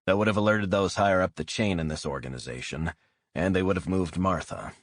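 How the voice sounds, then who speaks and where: A man's voice: low-pitched, brisk, no echo. A man playing a blunt, hot-headed operative. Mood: forceful. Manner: forceful, profane, blunt.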